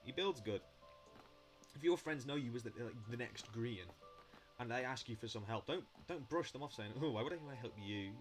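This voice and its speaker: A young man rambling in a casual monologue while building in a game, blunt and chatty, swearing now and then. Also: mid-range voice. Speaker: Minecraft builder vlogging.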